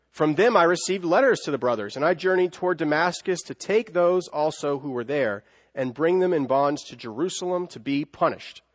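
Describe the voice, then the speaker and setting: A man preaching a sermon, dramatic, swinging from loud outbursts to hushed lines. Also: a little high. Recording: long hall reverb.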